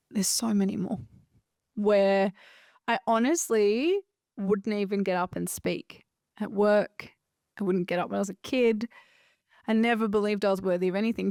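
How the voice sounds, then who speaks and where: A woman, hosting a casual solo podcast as a coach, animated and emphatic, swearing freely and often asking "right?". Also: mid-range voice, no echo, studio quality.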